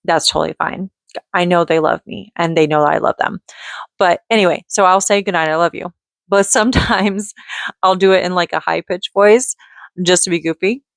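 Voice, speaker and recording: Woman, thirties, mom vlogger; gravelly, chatty, meandering, lots of fillers, dry sound. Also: fairly low pitch, normal speed, no room sound. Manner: rambling with many restarts and filler "like". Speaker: vlogger and mother. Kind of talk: casual rambling vlog chat.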